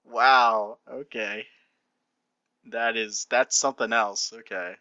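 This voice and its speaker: A man's voice: lowish voice, fairly even intonation, takes it slowly, bright, forceful tone, dry recording, dull audio. A man reading fan fiction aloud and breaking off into sarcastic, laughing asides.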